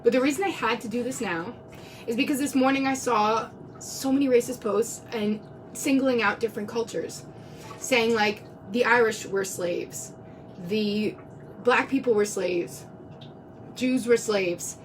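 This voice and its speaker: On a live stream, a woman with a fairly high voice speaks earnestly and unhurriedly, nearly in tears, rambling and often starting her thoughts over. Her phone mic is set far from her, with a faint rumble beneath.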